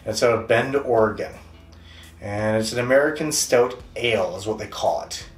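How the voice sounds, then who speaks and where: A man from Western Canada with a Canadian accent hosts a casual beer review show, chatting in a rambling, self-deprecating way. His voice is fairly low and moderately paced, recorded in an echoey room on a distant mic with faint music.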